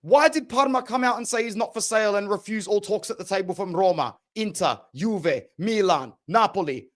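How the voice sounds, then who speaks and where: A man's voice: high-pitched, lively intonation, normal speed. A young man hosting a football podcast, ranting passionately and opinionated in casual slang. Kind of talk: opinionated sports talk.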